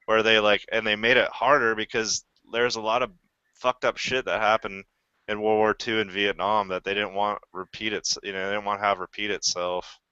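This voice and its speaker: A man's voice: fairly low pitch, level tone, moderate pace, bright, forceful tone, clean tone, no room sound. A man and Army veteran chatting casually, rambling with many restarts and swearing freely. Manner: rambling, restarts often, profane. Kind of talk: casual chat. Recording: dull lo-fi recording.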